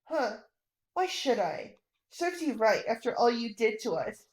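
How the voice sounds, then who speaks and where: Woman playing a stubborn young boy, high voice, blunt, urgent, very slow, echoey room. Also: big pitch swings.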